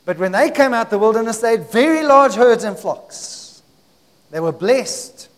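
A pastor preaching a sermon in a church hall, with call-and-response, swinging from hushed to shouting. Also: male voice, high voice, lively intonation, unhurried.

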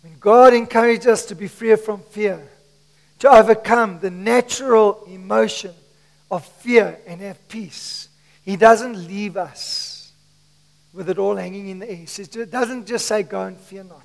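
Male pastor, very high voice, strained from shouting, passionate sermon, long church-hall reverb. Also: steady tone, a little slow, creaky. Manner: impassioned preaching, shifting between shouts and hushed asides. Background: congregation.

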